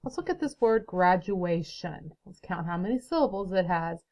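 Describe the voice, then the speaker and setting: A woman's voice: lowish voice, animated, moderate pace, a little mellow, muffled recording. A young woman teacher giving a recorded phonics lesson to children, explaining patiently and clapping out syllables.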